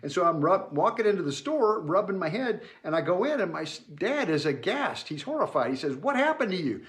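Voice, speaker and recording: A man's voice: high voice, big pitch swings, a little fast, a bit bright. A man from Georgia in the US South telling his childhood memories in a plainspoken, reflective way with homey asides. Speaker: memoir storyteller. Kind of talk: spoken personal memoir.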